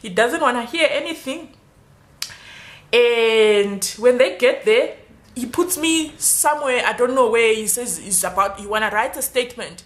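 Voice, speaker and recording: A young adult woman telling a storytime vlog, animated and acting out the dialogue. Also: on the high side, moderate pace, reverberant. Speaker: YouTuber.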